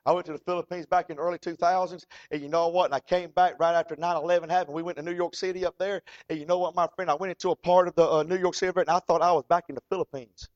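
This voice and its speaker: A man's voice: fairly high pitch, fairly even intonation, racing, few pauses. A man preaching a folksy, fervent sermon. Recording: dull lo-fi recording.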